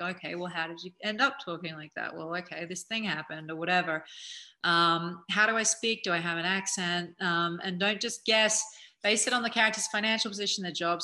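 Bright-voiced Australian woman, chatty. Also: fairly low pitch. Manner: chatty, animated, many fillers. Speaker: actor giving acting advice. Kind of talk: casual acting tips to camera.

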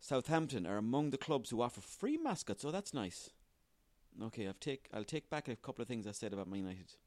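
A man's voice: mid-range voice, sing-song, fairly quick, a little mellow, dry recording. A man hosting a solo comedy podcast, sweary, rambling and self-mocking. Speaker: podcast host.

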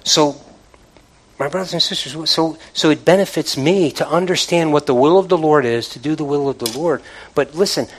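A man's voice: fairly high pitch, fairly bright tone, a little hiss or hum, rough recording. A man preaching a sermon from the pulpit in a conversational way, calling out to the congregation. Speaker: pastor. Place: church, from the pulpit.

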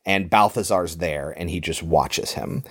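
This podcast host has a low, husky voice with a fairly bright tone, and he talks a little slowly. He casually goes over a film in detail, retelling its scenes and acting out the lines he quotes.

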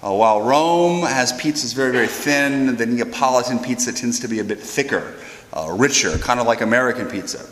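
A man, a priest, telling a funny anecdote with animated, self-deprecating energy and stumbling repeats, in an echoey hall. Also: mid-range voice, fairly quick, slight background noise. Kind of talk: storytelling anecdote.

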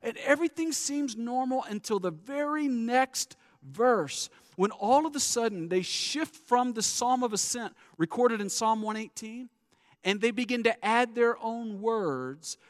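A man preaching a sermon as pastor, animated, acting out the crowd's voices and dropping low at the ends of phrases. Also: measured pace, long reverb tail.

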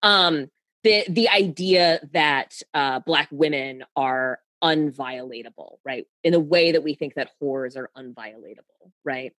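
Animated, emphatic woman. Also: deep voice, unhurried, no room sound. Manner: animated, emphatic, swears freely. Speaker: guest. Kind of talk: casual podcast chat.

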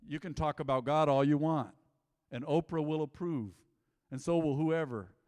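A middle-aged man preaching a sermon as pastor, lively and humorous, with acted-out quotes. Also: a little high, normal speed. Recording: echoey hall with long reverb.

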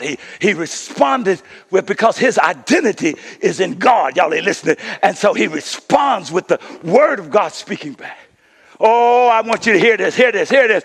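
A male pastor preaching a sermon in a call-and-response style that rises to shouting. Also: high-pitched.

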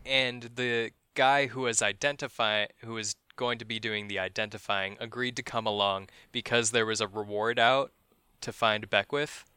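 A man's voice: on the low side, steady tone, normal speed, sharp tone, smooth, dry recording. A man hosting a podcast, telling a true-crime story as casual chat, profane and wry, chuckling at grim details.

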